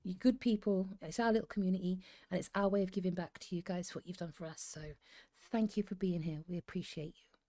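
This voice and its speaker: A woman's voice: on the low side, fairly even intonation, fast talker, mellow. A woman in her fifties from England, co-hosting a livestream in a chatty, rambling way and often laughing, who reads stories aloud. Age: 50s. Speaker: co-host reading stories. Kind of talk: casual livestream chat and story reading.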